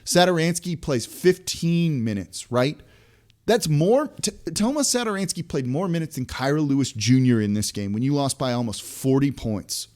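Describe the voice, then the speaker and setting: A man's voice: fairly high pitch, animated, normal speed, a little mellow. A man hosting a sports podcast, ranting in exasperation with many restarts and rhetorical questions. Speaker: podcast host. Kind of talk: frustrated sports podcast rant.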